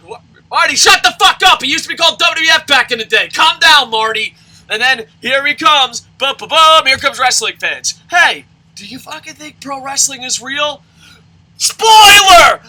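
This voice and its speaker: A man hosting wrestling news, ranting loudly with constant swearing and shouted outbursts. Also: very high-pitched, poor audio. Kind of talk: profane ranting commentary.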